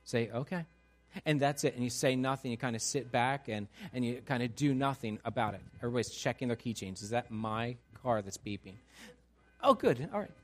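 A man preaching a sermon in a church, animated, acting out the voices of people he quotes. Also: mid-range voice, a little fast, faint music behind. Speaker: pastor. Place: church sanctuary.

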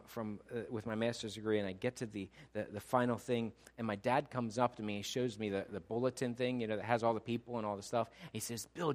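A middle-aged pastor with a lowish voice preaches a sermon, moving back and forth between loud, emphatic preaching and quiet personal stories.

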